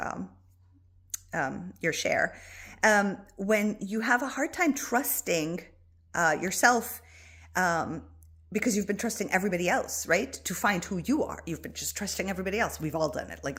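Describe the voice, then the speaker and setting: A woman spiritual coach giving gentle, reassuring advice to an online group and calling listeners by endearments. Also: lowish voice, creaky, breathy edge.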